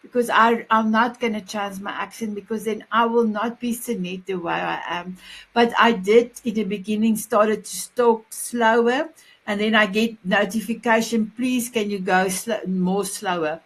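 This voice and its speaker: South African woman host, gushing and warm-hearted in her praise, casual chat. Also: medium pitch, steady tone, moderate pace, poor audio. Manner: effusive, repeats phrases of praise.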